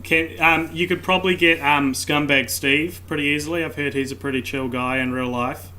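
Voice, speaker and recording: A man co-hosting a podcast, laid-back and quick to laugh. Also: a little high, fairly even intonation, bright, forceful tone. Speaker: podcast co-host. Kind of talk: casual chat.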